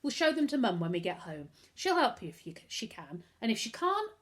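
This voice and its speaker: A woman's voice: a little high, very animated, fairly quick, fairly bright tone, voice pushed up. A woman reading aloud and voicing a hot-tempered, scornful boy who protects his younger brother, speaking sulkily and indignantly. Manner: indignant, sulky.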